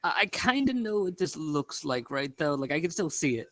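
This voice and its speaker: A man's voice: fairly high pitch, very animated, normal speed, sharp tone, no room sound. A man playing a tabletop game, thinking aloud in a hesitant way. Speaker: player.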